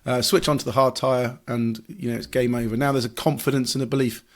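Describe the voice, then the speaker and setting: A man's voice: mid-range voice, level tone, fairly quick. A man, a motorsport journalist, explaining racing strategy in a podcast discussion, analytical with frequent fillers and restarts.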